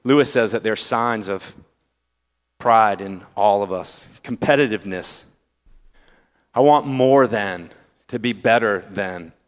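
A man with a Southern accent preaching a sermon, drawing out key words with pauses and swinging between loud emphasis and hushed tones. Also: fairly low pitch. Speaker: pastor. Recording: long hall reverb.

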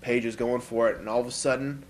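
A man co-hosting a casual podcast, recapping a movie scene by scene and acting out lines in high voices. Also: fast, low-quality recording. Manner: animated storyteller, acts out quotes in high voices. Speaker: podcast co-host.

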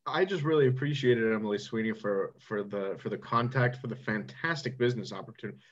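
A man co-hosting a podcast in deadpan comedic chat, rambling earnestly as he plays along with the joke. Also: lowish voice, fast talker, muffled recording. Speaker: podcast co-host.

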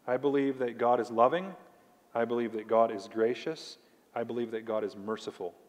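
A man preaching a sermon as pastor, emphatic, slowing down to stress key words and putting questions straight to the congregation. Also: mid-range voice, fairly even intonation. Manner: addresses the congregation directly with questions. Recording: long reverb of a large hall.

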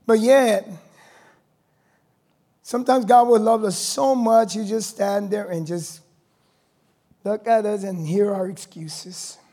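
High-voiced pastor preaching with fire. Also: male voice. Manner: rising to shouted preaching, call-and-response with congregation. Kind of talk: sermon.

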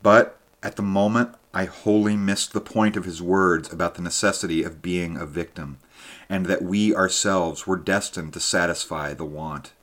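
A man with a very low voice reads a story aloud. His narration is measured and steady, and he lifts his voice for tense moments. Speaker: audiobook narrator. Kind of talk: scripted narration.

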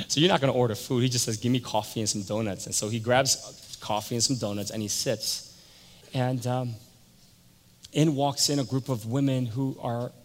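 Animated man preaching in an echoing hall. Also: medium pitch. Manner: animated storyteller acting out quoted voices. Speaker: pastor. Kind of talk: sermon storytelling. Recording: long hall reverb.

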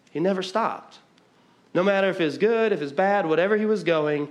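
A middle-aged male pastor from the American Midwest preaches to a church hall in a slightly high voice. He talks fast and conversationally, often restarting and repeating his words. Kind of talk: sermon.

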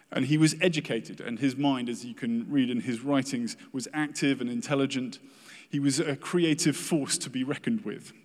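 Earnest preacher man in a reverberant hall. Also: mid-range voice. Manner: earnest, acts out quoted complaints. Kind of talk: sermon.

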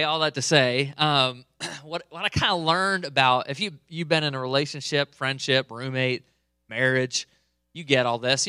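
A man's voice: mid-range voice, pushed and bright, clear, resonant tone, no echo. A man in his thirties preaching a sermon, telling a personal story in a joking, conversational way, a little under the weather. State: a bit under the weather, coughing. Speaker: pastor. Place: church hall, live service.

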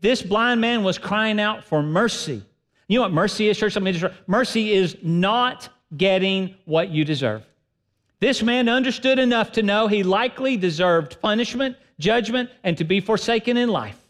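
A man preaching a sermon as pastor, emphatic and swinging between loud and soft delivery. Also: high-pitched, expressive, normal speed.

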